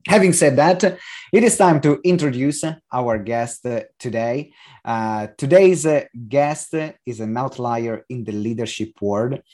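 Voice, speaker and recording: A man with an Italian accent hosting a podcast interview, lively and jokey, with frequent "uh" fillers. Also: medium pitch, measured pace. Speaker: podcast host. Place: London.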